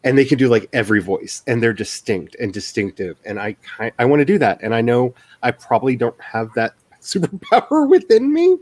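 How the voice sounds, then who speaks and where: A man's voice: medium pitch, very animated, fairly quick, few pauses, a little mellow, no echo. A man who writes books, hosting a casual stream chat in a rambling, self-deprecating way and laughing often.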